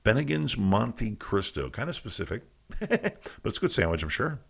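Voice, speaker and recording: A man hosting a loose live show, cajoling the chat room to join in. His fairly low voice swoops up loud when he prods people and drops to muttering asides. He swears freely and pokes fun at himself. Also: sing-song, normal speed, vocal fry, husky. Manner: profane, self-mocking asides. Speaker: podcast host. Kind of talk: casual live show banter. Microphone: desk mic, reading chat on a phone.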